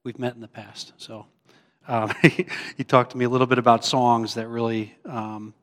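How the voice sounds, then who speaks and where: A man gently interviewing a church member, prompting with casual questions. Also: mid-range voice, little pitch movement, normal speed. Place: church hall. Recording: distant mic, long hall reverb.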